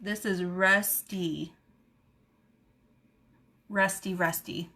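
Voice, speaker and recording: A woman, hosting a casual live stream and telling stories in an animated, chatty way. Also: lowish voice, extremely slow, slight background noise. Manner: chatty, animated storytelling with laughs. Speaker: beauty vlogger host. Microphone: camera mic on a live stream.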